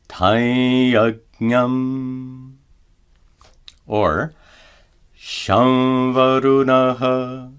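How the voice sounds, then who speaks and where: A man teaching mantra pronunciation in a careful scripted lesson, slowing down to chant each example. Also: low-pitched, fairly bright tone. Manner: slow, careful explanation with drawn-out chanted examples.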